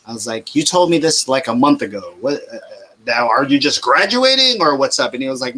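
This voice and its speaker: A man's voice: fairly high pitch, animated, fairly quick, pushed and bright. A man, hosting a casual podcast chat, rambling loosely and swearing freely. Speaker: podcast host.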